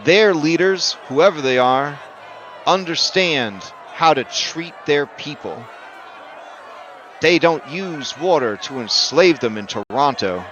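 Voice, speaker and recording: Rambling game master, bright lively voice. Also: male voice, on the high side, slow pace, highs cut off, some chatter behind, a little hiss or hum. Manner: rambling, joking, many fillers. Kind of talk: narrating a tabletop game.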